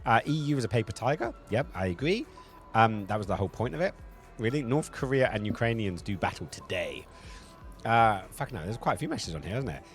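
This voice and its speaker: A man's voice: lowish voice, sing-song, a little fast, faint music behind. A man with a South London Cockney accent, chatting casually on a live stream, rambling, swearing freely and reacting to chat messages.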